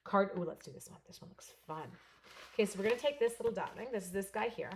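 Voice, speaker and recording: Brief: chatty Canadian woman crafter, slightly hoarse, live demo host greeting the chat. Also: medium pitch, fast, a little hiss or hum. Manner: chatty, bubbly, talks to viewers by name. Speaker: stamping and card-making demonstrator.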